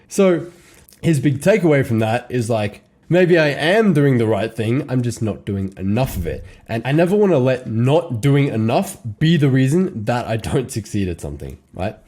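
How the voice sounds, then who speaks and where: Man, young adult, coaching on copywriting, casual teaching monologue, mellow dark tone, slangy delivery. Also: mid-range voice, moderate pace. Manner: animated, slangy, laughs between points.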